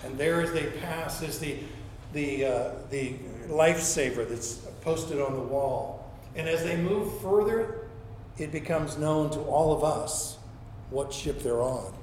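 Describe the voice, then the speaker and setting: A male pastor with a fairly high voice delivers a storytelling sermon. He acts out quoted lines and stumbles into repeated words. The room around him is echoey, with faint ambient noise underneath. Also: measured pace, darkish tone.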